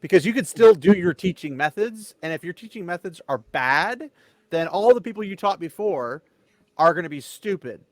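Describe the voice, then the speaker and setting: A man's voice: high voice, animated, normal speed, no room sound. A man on a panel telling stories in casual chat, rambling and emphatic.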